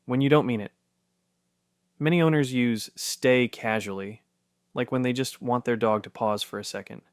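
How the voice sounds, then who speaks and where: A man reading a scripted narration in a soft, steady, reassuring way. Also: medium pitch, moderate pace, smooth, no room sound, clean studio sound.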